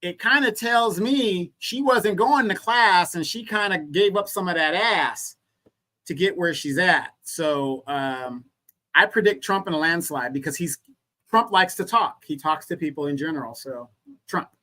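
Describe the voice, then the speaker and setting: A man's voice: sits high, a little slow, bright, forceful tone, low-quality recording. A man co-hosting a livestream, giving blunt opinions in casual talk. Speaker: co-host.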